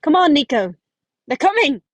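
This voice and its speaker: A woman's voice: mid-range voice, unhurried, a bit bright, no echo. A cheerful young male camp healer, voiced by a woman reading a fan story aloud. He sounds upbeat and reassuring. The sound is dry and close, with no room around it. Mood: excited.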